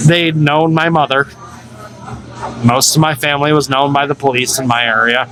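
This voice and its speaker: A man's voice: on the high side, moderate pace, pauses often, rough recording. A man telling a wild, profane story in casual bar talk, acting out the voices of the people in it. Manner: profane, animated, acts out quotes. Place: local bar.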